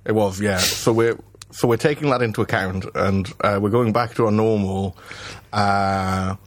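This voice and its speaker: A man's voice: on the low side, steady tone, normal speed, no room sound. A man co-hosting a podcast in casual chat, joking, laughing and sometimes swearing. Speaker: podcast co-host.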